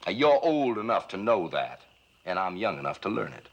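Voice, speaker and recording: An actor playing an aging, scheming Southern patriarch in a 1950s film, with a mumbling Southern drawl. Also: male voice, low voice, big pitch swings, normal speed, dull audio. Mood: reflective. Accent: American Southern.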